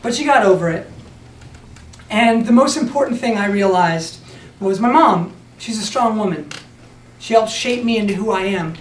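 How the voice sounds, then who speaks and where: Animated young man telling a true story. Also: sits high, moderate pace. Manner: animated, laughing, acts out quotes. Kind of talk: live personal storytelling. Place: stage at a community storytelling event. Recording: echoey hall, mic far off, faint ambience.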